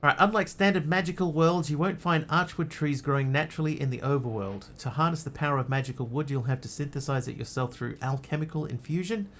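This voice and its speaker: A man's voice: fairly high pitch, fast, hardly any pauses, fairly bright tone. A man streaming a video game live, chatting casually and thinking aloud in muttered asides. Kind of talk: casual live gameplay commentary.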